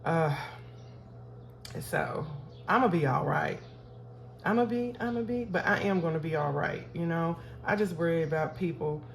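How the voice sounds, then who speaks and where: A fairly low-voiced woman chats away to her viewers and counts bills out loud. Her talk is loose and friendly, full of asides to the audience, with a faint hum of room noise behind her. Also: normal speed, gravelly, pauses often. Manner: chatty, talks to viewers as y'all, counts aloud. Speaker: budgeting vlogger. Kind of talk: casual chat while counting cash.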